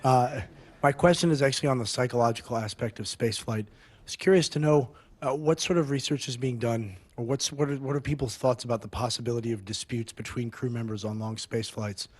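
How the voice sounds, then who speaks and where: A man in the audience with a hoarse voice, asking a polite, slightly halting question. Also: mid-range voice, fairly even intonation. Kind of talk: question from the floor.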